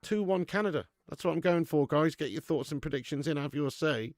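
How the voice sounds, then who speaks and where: A man's voice: fairly high pitch, fairly quick, darkish tone, dry recording, studio quality. A man hosting a live football watch-along stream, chatting laddishly with viewers and laughing often. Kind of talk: live stream chat and match commentary.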